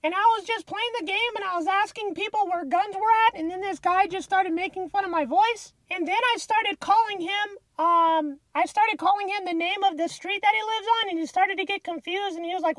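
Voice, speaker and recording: A woman with a very high, childlike voice, talking in a silly, innocent way for a gaming prank video. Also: fairly quick, few pauses, a bit bright, roomy sound. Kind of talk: casual vlog intro and game chat prank.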